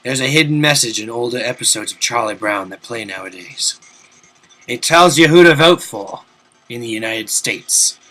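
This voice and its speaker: A young man giving casual, rambling commentary over a video game from his desk at home, swearing now and then and breaking into loud outbursts. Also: medium pitch, expressive, moderate pace. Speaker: let's play commentator.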